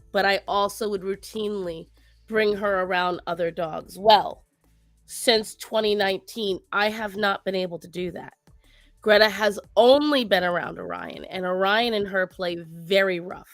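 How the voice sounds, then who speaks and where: A woman co-hosting a casual talk show, speaking to her viewers and giving pet advice in an animated way. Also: medium pitch, a little slow, no echo, soft background music. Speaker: co-host. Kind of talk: casual chat.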